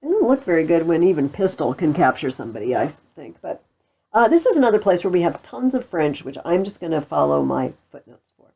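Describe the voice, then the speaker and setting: Mellow-voiced woman tutoring on a play. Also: low voice, very animated, fairly quick, gravelly, breathy edge. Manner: casual, wry commentary with fillers. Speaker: literature tutor.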